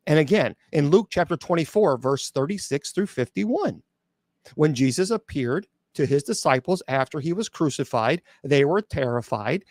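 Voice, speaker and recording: A middle-aged man with a fairly high, slightly mellow voice hosts a live call-in show as an exorcist bishop, recorded in studio quality with no room sound. He answers chat questions bluntly and sarcastically, mocking doubters by mimicking their voices, with many restarts and filler sounds.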